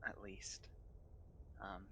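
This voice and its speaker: A man playing a character in a tabletop game, talking in a relaxed, chatty way. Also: very slow, background noise. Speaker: player.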